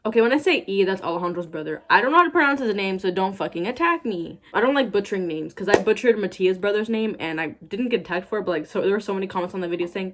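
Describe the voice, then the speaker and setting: A woman's voice: fairly low pitch, quick pace, hardly any pauses. A woman YouTuber reading fan fiction aloud and breaking off for sarcastic, exasperated asides.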